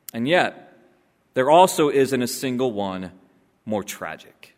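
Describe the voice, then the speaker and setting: A man preaching a sermon, swinging between loud emphatic passages and hushed, low-voiced moments. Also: in a large hall.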